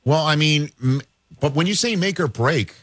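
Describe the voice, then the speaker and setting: A man's voice: fairly high pitch, expressive, moderate pace, fairly bright tone, no room sound, studio quality. A man hosting a sports talk radio show, talking emphatically and repeating words as he builds his points.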